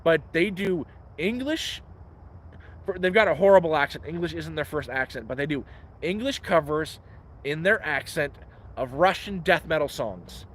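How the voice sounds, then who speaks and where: This outdoor livestream host speaks in a fairly high, animated voice at a normal speed. He's wandering his woodland camp with a phone, offering blunt advice laced with profanity on a casual stream.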